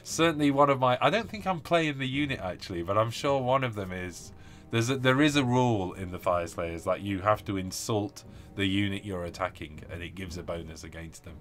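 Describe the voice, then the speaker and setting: A man's voice: on the low side, fairly quick, a bit bright, faint music behind. A man hosting a casual live stream, chatting, laughing often and reading viewer comments aloud. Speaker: host reading live chat.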